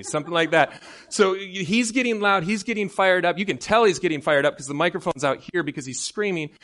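Animated American preacher from Michigan. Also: male voice, high voice. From Michigan, United States. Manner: animated, jokey, swings from soft to loud. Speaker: guest preacher. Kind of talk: sermon.

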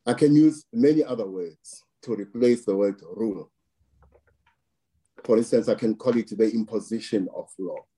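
A man giving measured political commentary, slow and deliberate, stressing words through repetition. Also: on the low side, mellow, breathy edge. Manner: slow, deliberate, emphatic with repeated phrasing.

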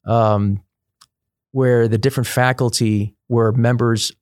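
A man's voice: medium pitch, fairly even intonation, takes it slowly, darkish tone, dry recording, clean studio sound. A middle-aged man, a priest, telling stories in a casual interview, chatty, laughing often and restarting his sentences. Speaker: priest guest.

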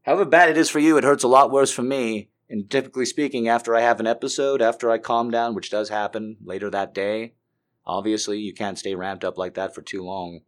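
A man giving an intense confessional monologue, swinging between hushed and loud. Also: fairly low pitch, steady tone, a little fast.

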